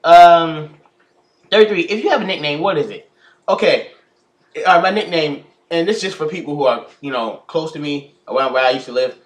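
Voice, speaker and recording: A teenage man from the United States, reading out questions and answering them in a casual vlog, pausing often to think. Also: on the high side. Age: teens. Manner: reads each question aloud, then answers with frequent hesitations. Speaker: YouTuber.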